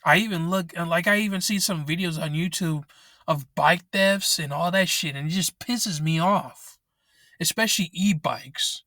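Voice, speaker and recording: A man's voice: on the high side, moderate pace, bright, forceful tone, no room sound, clean studio sound. A young man angrily venting and swearing in a rant vlog, recorded in his parked car on a laptop microphone. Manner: angry, frustrated, swearing often. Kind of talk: ranting vent vlog.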